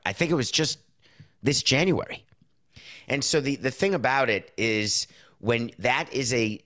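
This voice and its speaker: Middle aged guy hosting his sports show, low voice, rambly and animated, super dry close mic. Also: no echo. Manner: animated, rhetorical, self-correcting. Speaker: podcast host. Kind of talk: casual sports commentary monologue.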